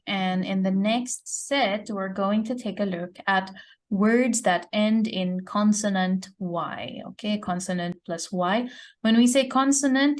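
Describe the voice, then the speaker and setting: A patient woman teaches grammar in an unhurried, measured way. She explains each rule step by step and keeps checking with her student before moving on. Her voice sits in an ordinary middle register. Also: medium pitch. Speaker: English teacher. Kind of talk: online grammar lesson.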